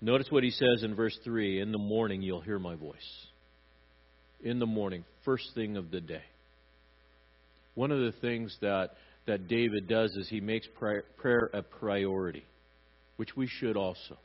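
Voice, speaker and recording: Animated man preaching a sermon. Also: lowish voice, a little slow, dull audio. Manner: animated, acts out little voices for God and parents. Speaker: pastor.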